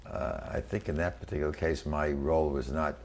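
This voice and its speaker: A man in his eighties from New York City, recalling his career in a halting oral history interview full of fillers and restarts. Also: very deep voice, steady tone, a little hiss or hum. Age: 80s. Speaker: interviewee, venture capitalist. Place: quiet room.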